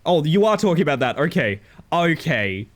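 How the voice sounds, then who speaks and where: A man streaming a game live, chatting casually with his viewers in a playful, animated way and swearing freely. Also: a little high, moderate pace. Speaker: livestreamer. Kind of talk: casual chat while gaming live.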